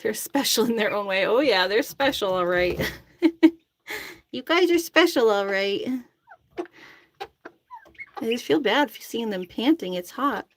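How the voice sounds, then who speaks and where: A young vlogger chats casually while tending chickens in her backyard coop at night, laughing a lot and cooing at them as they cluck. She speaks at a medium pitch with lively intonation, unhurried and pausing often, with a little hiss or hum in the recording.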